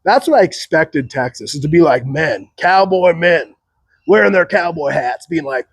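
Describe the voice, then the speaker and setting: A man's voice: a little high, expressive, moderate pace, gravelly, husky, no room sound. A man hosting a solo opinion show, rambling sarcastically with frequent chuckles. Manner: sarcastic, chuckling, mocks others in put-on voices. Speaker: podcast host.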